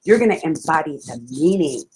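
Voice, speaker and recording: A woman speaking on stage as a motivational speaker, her voice sitting a little low for a woman. She drives her points home with passion and emphasis and slips in frequent laughs. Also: animated, moderate pace, a little mellow, slight background noise, low-quality recording. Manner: passionate, emphatic, calls listeners "friends"; laughs often between lines. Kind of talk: live motivational talk to an audience.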